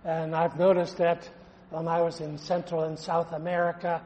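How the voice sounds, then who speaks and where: A man preaching a sermon, quoting scripture slowly and with emphasis. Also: on the high side, flat delivery, a little mellow, in a large hall.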